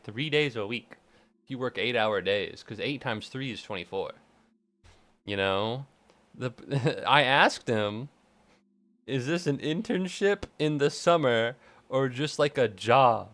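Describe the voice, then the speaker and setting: A man's voice: medium pitch, a bit bright. A young man in his twenties, a college student chatting casually on a live stream, rambling, swearing freely and laughing often. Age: 20s.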